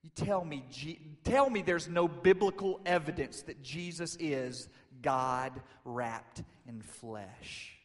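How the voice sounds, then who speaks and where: A man preaching a sermon, retelling a story casually in quoted voices and rising to loud, emphatic peaks. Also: on the high side, slow, few pauses. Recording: long reverb of a large hall.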